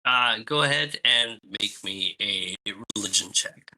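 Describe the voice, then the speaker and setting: A man's voice: on the low side, measured pace, bright, forceful tone, low-quality recording. A man running a tabletop game as game master, describing scenes hesitantly, with many fillers.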